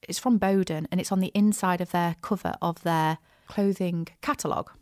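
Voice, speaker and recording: A woman hosting a business podcast, chatty and animated, with frequent asides and restarts. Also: on the low side, normal speed, dry recording, clean studio sound. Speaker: podcast host, business coach. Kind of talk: casual solo podcast talk.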